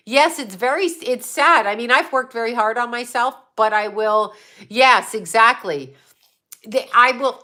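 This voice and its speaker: A woman's voice: a little high, pushed and bright. A woman hosting a casual livestream and answering her chat, talking in a blunt, profane, outspoken way.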